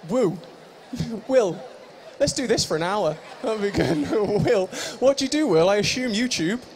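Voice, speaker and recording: A man's voice: high-pitched, expressive, unhurried, a little mellow, a little hiss or hum. A young man hosting a live stage show, joking and teasing the audience in improvised comic banter. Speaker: stage host at a live fan convention.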